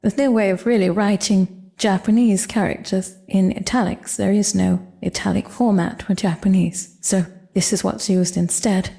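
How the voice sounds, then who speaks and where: A woman teaching a language lesson, explaining step by step in a clear, measured way. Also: mid-range voice, fairly even intonation, dark tone.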